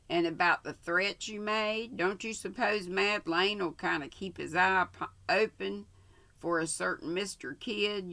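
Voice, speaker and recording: Storybook cowboy sidekick, man, plain-talking and blunt; woman reader voicing him, bright gravelly tone. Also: on the low side, full character voice.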